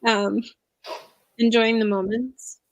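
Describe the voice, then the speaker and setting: A woman's voice: on the high side, flat delivery, slow pace, dry recording. A woman in her thirties, an empowerment coach talking as a guest in a casual interview over a video call, earnest and reflective, sharing her experience in a confiding way.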